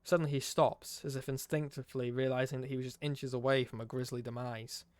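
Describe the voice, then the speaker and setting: A man streaming, reading a game's story aloud with expressive narration and wry asides. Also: mid-range voice, fairly quick, no room sound.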